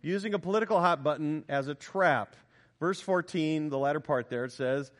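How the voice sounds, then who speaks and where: A man preaching a sermon, emphatic and animated, asking the congregation rhetorical questions as he explains a Bible passage. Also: on the high side, normal speed. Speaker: pastor.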